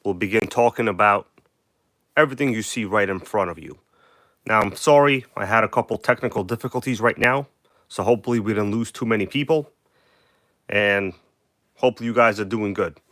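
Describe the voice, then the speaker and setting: A man's voice: fairly low pitch, a little fast, long pauses, fairly bright tone, no room sound, clean studio sound. A man with a New York accent hosting a casual live stream from an indoor workbench, chatty and emphatic as he greets viewers by name over a phone mic.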